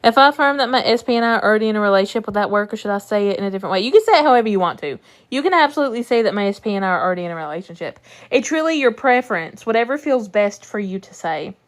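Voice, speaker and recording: A woman's voice: mid-range voice, expressive, racing. A young woman coaching viewers through a live stream in a chatty, reassuring way, swearing now and then. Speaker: manifestation coach.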